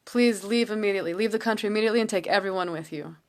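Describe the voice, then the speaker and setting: A woman's voice: medium pitch, very fast, lightly acted. A woman voicing a frightened, pleading ancient Egyptian king in a retold story. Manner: pleading, trembling, then proclaiming.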